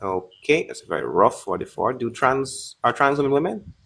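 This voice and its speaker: A man's voice: medium pitch, sing-song, normal speed, vocal fry, a bit bright, breathy edge. A man hosting a live-stream debate, taunting and interrupting callers in a combative way.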